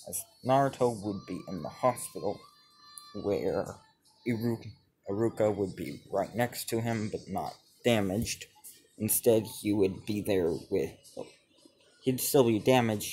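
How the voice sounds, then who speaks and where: A man telling a fan-made story off the cuff, halting and restarting his sentences, stringing events together with "as". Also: on the low side, dark tone, slight background noise. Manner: halting, many restarts and repeated "as he would". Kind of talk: improvised fan-fiction narration.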